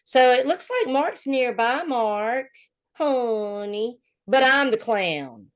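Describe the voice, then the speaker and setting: A woman from Alabama with a Southern accent, co-hosting a casual gossip chat and telling stories in a mocking, animated way. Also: a little high, slow pace. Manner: animated, mocking storytelling with laughter. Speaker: co-host.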